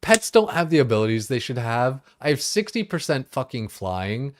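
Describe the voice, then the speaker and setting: A man's voice: medium pitch, expressive, moderate pace, a little hiss or hum. A young man streaming games, ranting in a loose, exasperated way, full of swearing and filler words. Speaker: gaming streamer. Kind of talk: casual livestream rant.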